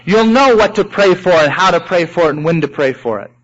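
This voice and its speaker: Male preacher, high voice, animated sermon delivery, acts out prayers; dull lo-fi recording. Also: a little fast.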